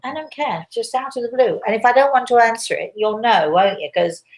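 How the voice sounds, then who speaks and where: A woman's voice: on the high side, brisk, poor audio. Chatty older woman answering questions. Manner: chatty, repeats phrases, restarts often. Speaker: spiritual medium answering questions. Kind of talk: casual live Q&A talk.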